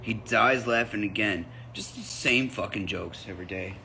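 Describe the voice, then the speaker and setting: A man's voice: fairly low pitch, moderate pace, gravelly, sharp tone, a little hiss or hum. A man telling a comic anecdote in a casual, profane way, jumping into quoted voices. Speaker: comedian telling a story.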